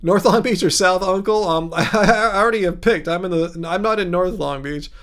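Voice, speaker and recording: A man with a fairly high voice speaks at a normal speed while hosting a relaxed livestream, chatting casually as he answers viewer comments. He rambles, loops back on himself and restarts often, chuckling a little as he goes.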